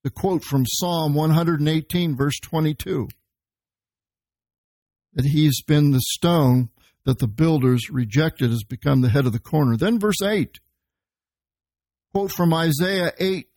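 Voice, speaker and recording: A man's voice: a little high, unhurried, long pauses, a little mellow, dry recording. A man preaching as pastor, teaching verse by verse and explaining the Greek words behind the scripture he quotes. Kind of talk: verse-by-verse sermon.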